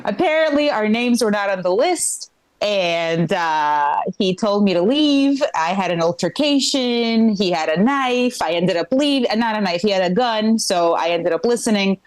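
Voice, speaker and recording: A woman's voice: medium pitch, animated, moderate pace. A middle-aged woman from Ukraine, a stand-up comedian telling a rambling live story on a small club stage and checking in with the crowd.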